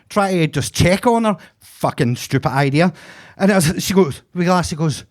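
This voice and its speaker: A flamboyant Glaswegian man in his forties works a comedy club crowd with a high, camp voice. He swears freely and plays up his own manner for laughs, talking into a handheld mic on a basement stage. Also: lively intonation, moderate pace. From Glasgow, Scotland. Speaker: stand-up comedian. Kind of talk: stand-up set.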